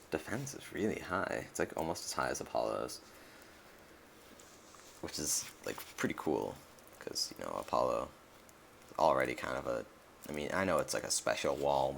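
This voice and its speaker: A man's voice: very deep voice, lively intonation, normal speed, creaky, pauses often, a little hiss or hum. A young man giving casual, rambling commentary over a video game he is playing, full of fillers and restarts. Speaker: let's play commentator.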